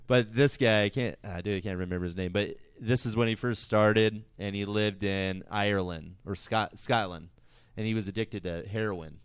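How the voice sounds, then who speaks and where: A man with a low, smooth voice hosts a casual podcast. He rambles through anecdotes and laughs at his own stories. The sound is close and dry. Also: steady tone, moderate pace, few pauses, no echo. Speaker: podcast host.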